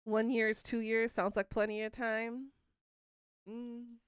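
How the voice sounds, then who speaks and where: A woman's voice: a little high, little pitch movement, a little slow, smooth, no room sound, clean studio sound. A woman in her thirties hosting a livestream, chatting casually and teasing her viewers as she answers them. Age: 30s. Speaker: livestream host. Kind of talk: casual chat with live viewers.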